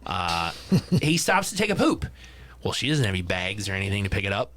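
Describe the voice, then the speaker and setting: A man's voice: fairly low pitch, fairly quick. A man co-hosting a podcast, casually retelling a movie plot and acting out the characters' lines. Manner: animated retelling that acts out quotes. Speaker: podcast co-host.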